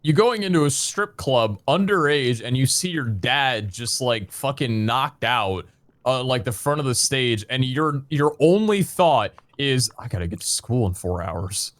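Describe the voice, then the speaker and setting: A man's voice: mid-range voice, expressive, a little slow, a bit bright. A man on a podcast in casual chat, laid-back and amused as he reacts to a story.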